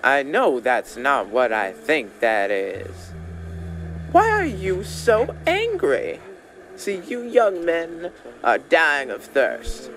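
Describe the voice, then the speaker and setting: A man voicing an elderly church woman who gently leads a young man through a prayer, slow and preacherly. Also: medium pitch, wildly swooping pitch, slight background noise, exaggerated voice. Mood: tender pleading.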